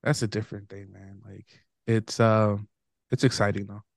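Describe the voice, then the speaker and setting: A man's voice: lowish voice, level tone, moderate pace, gravelly, dry recording, studio quality. A man co-hosting a podcast in casual chat, hesitant, with lots of ums and trailing-off thoughts. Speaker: podcast co-host.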